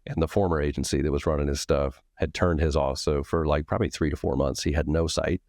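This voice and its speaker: Podcast host, male, rumbling bass voice, dry close mic, casual storyteller who acts out the dialogue. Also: steady tone, quick pace, a little mellow, no echo. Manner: candid and profane, acts out both sides of a story.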